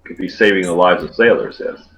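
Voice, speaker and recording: A man's voice: low-pitched, fairly quick, fairly bright tone. A man playing in a tabletop game, chatting casually and reasoning out points. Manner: reasoning, mildly argumentative. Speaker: player. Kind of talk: casual chat. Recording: dull lo-fi mic with faint noise.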